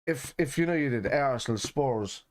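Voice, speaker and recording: A man's voice: medium pitch, lively intonation, measured pace. A man co-hosting a football watch-along in casual chat, rambling and swearing with many restarts.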